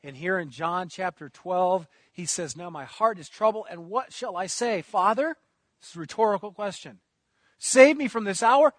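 Male preacher, high voice, dry close sound, passionate delivery with building repetition. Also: expressive, moderate pace, a bit bright, no echo. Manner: impassioned, rising and falling emphasis with repeated phrases. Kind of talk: sermon.

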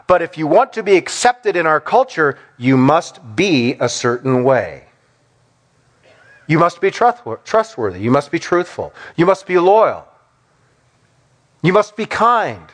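A man with a notably high voice preaches from the pulpit, his pitch swinging widely from line to line. He leans on repetition and builds to emphatic declarations, then drops back to plain address. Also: sing-song, a little slow, a bit bright. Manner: rising to emphatic, repeated declarations. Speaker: pastor. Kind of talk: sermon.

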